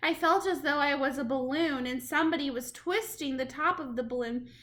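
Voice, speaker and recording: A woman reading a storybook chapter aloud to children in an expressive, dramatic way. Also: sits high, normal speed. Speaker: reader to children.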